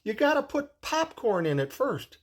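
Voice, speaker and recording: A brash, bossy old team owner barks commands in a raised, husky voice full of curses, as a storytelling man in his sixties puts him on. He sounds pushy, blunt and gruff. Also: extremely high pitch, big pitch swings, normal speed, pitched above the performer's own voice, heavily acted.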